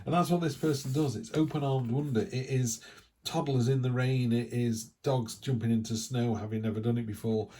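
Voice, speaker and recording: A middle-aged man giving a casual tarot reading in a chatty, rambling way with animated asides. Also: medium pitch, normal speed. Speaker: tarot reader.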